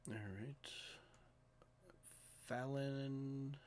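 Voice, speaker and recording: A man acting as game master, calmly narrating and giving matter-of-fact rulings in an online tabletop game. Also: medium pitch, drawn-out words, a little hiss or hum.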